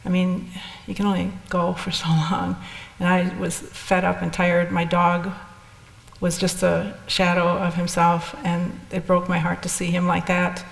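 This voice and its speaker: A woman's voice: lowish voice, monotone, measured pace, creaky. An older woman telling her personal story in a candid, rambling way, with restarts and asides. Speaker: speaker sharing experiences. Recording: echoey hall with long reverb.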